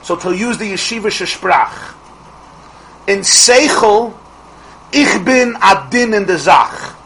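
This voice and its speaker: A middle-aged man teaching a Torah class as a rabbi, asking rhetorical questions and restarting his phrases quickly. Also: high-pitched, expressive, bright, forceful tone, poor audio.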